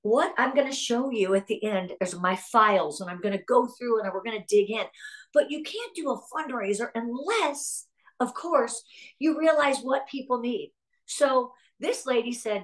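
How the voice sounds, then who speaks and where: A woman's voice: on the high side, animated, moderate pace. Upbeat middle-aged woman coaching a team. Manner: upbeat and encouraging, reading out and answering chat; earnest, gets emotional. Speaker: guest speaker at a sales team meeting. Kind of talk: live team training talk.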